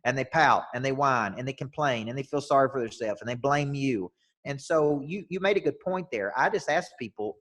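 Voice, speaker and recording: A man's voice: medium pitch, lively intonation, fairly quick, fairly bright tone. A man from the United States, a business coach talking as a podcast guest, tells stories emphatically and often repeats his first words as he starts a sentence. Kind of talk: energetic storytelling in a podcast interview.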